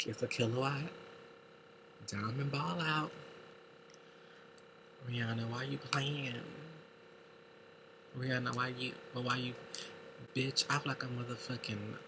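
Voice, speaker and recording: Man, beauty vlogger, excitable, gushing, curses a lot, indoor room under a makeup light, noisy hiss. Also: medium pitch, unhurried, long pauses. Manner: gushing, excitable, heavy cursing. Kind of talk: casual makeup unboxing vlog.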